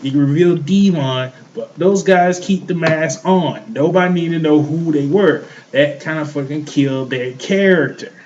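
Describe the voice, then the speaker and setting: A man's voice: on the high side, moderate pace, hardly any pauses, a little mellow, highs cut off, slight background noise. A man co-hosting a show, ranting in heated casual chat, swearing often and repeating himself. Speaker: podcast co-host.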